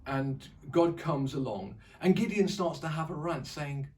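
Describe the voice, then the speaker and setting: A man's voice: on the high side, animated, unhurried, a little mellow. A man presenting a casual online church devotional, chatty and rambling with fillers and restarts. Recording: distant mic.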